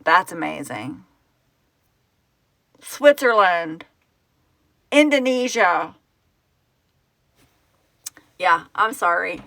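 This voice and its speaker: A woman's voice: fairly low pitch, very animated, drawn-out words, gravelly, pauses often, fairly bright tone, no echo. A middle-aged woman chatting casually on a live stream as founder of a fan project, emotional and tearful as she reads out where viewers are from. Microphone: phone.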